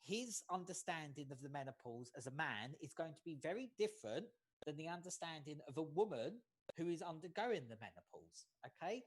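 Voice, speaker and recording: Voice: mid-range voice, animated. Trainer leading an online workshop. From United States. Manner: measured, often checks in with "okay?". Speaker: workshop facilitator. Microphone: video call.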